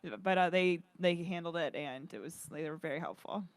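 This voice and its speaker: A young woman co-hosting a comedy podcast tells a story in casual chat. She is animated and swears freely. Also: fairly low pitch, a little fast. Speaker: podcast co-host.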